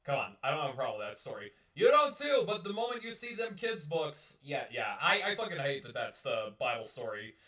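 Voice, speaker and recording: Bright-voiced man rambling on a live stream. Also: a little high, sing-song, fairly quick, hardly any pauses, echoey room, distant mic. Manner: rambling and profane, with many restarts. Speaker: host of a live-streamed talk show. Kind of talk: casual live-stream chat.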